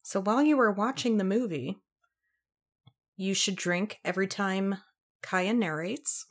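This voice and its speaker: A woman's voice: medium pitch, unhurried. A woman co-hosting a book podcast in laid-back casual chat, talking into a desk microphone. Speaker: podcast co-host.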